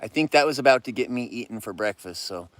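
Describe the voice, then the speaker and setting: A man's voice: mid-range voice, lively intonation, fast talker, fairly bright tone. A man hosting a livestream from his yard, joking and chatting playfully with viewers. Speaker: livestream host. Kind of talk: casual live chat to viewers.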